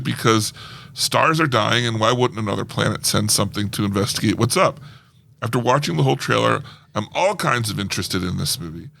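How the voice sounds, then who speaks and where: A man's voice: fairly low pitch, vocal fry, pushed and bright. A man co-hosting a film podcast, reading listener emails aloud in a playful, casual way. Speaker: podcast co-host. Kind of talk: casual chat.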